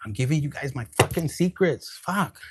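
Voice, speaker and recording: A man's voice: fairly high pitch, animated, moderate pace, background noise. A young man, reading tarot in a casual livestream, talking candidly with profanity and jokes and slipping into Spanish words. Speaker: tarot reader.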